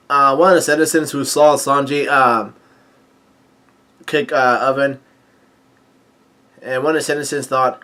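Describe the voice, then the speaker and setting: A man's voice: mid-range voice, steady tone, unhurried, long pauses, pushed and bright. A man casually reading through a manga chapter, hesitant and full of fillers and restarts. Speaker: manga reader and commentator.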